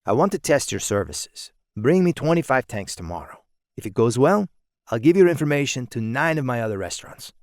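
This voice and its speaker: A man's voice: medium pitch, big pitch swings, fairly quick, a little mellow, no room sound, clean studio sound. A man doing a French-accented restaurant manager. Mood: matter-of-fact. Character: French-speaking male restaurant manager, businesslike.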